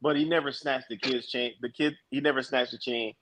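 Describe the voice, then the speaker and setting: Male panelist, middle pitch, insistent and firm. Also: fairly even intonation, a little fast, a bit bright, rough recording. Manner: insistent, correcting the record. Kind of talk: live-stream panel talk.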